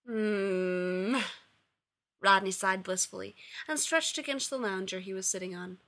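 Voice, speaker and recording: A woman narrating a story aloud with a bright, forward tone. Her pitch sits in the middle, and she reads steadily through long sentences. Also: animated, a little fast, creaky. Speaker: reader. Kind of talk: reading fan fiction aloud.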